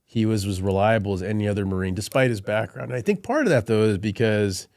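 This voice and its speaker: A man's voice: on the low side, expressive, quick pace, a little mellow, no room sound, studio quality. A middle-aged man, a Marine colonel, telling stories in a podcast conversation and laughing through his anecdotes.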